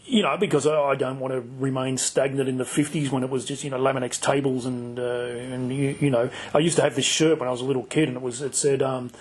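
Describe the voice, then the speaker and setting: Man, Australian accent, podcast host, blunt, husky. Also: medium pitch, fairly even intonation, quick pace, few pauses. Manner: blunt, swears freely. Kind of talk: casual conversation.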